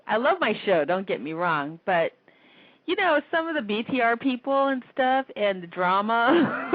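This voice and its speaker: A woman's voice: a little high, expressive, moderate pace, no room sound. A woman hosting a casual call-in internet radio show, chatty and rambling, laughing often. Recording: tinny phone-line sound.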